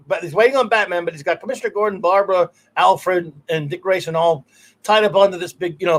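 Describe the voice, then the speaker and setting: A man hosting a podcast, chatting casually and rambling with many restarts. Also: fairly high pitch. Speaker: podcast host. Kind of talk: casual chat.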